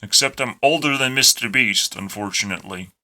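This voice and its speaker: A man's voice: mid-range voice, a little fast, bright, forceful tone. A young man from Lithuania with a Lithuanian accent, ranting to camera in a profane, sarcastic, self-deprecating way. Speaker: YouTuber. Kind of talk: rambling rant to camera.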